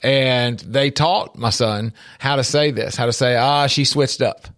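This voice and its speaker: A middle-aged man co-hosts a casual talk show, voice sitting at an ordinary middle pitch. He tells his stories with animated emphasis. He often repeats a word or two as he gets going. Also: measured pace. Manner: storytelling, animated, repeats words when starting sentences. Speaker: podcast co-host. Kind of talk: casual faith and life talk.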